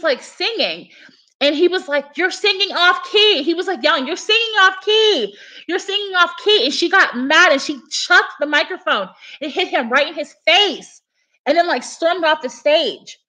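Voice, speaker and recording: A woman's voice: sits high, animated, normal speed, bright, forceful tone. A young woman chatting casually on a livestream, telling a story in a rambling way full of fillers. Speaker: livestream host.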